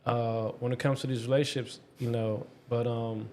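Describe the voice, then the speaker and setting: Male co-host, mid-pitched voice, stumbles and restarts as he builds a question. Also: flat delivery, mellow, slight background noise. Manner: halting, stammering restarts. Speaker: podcast co-host. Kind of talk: casual chat.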